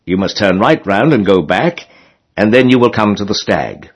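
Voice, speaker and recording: A man's voice: lowish voice, expressive, normal speed, husky. A man reading aloud, voicing a matter-of-fact village local who gives directions. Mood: helpful. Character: helpful male village local, middle-aged.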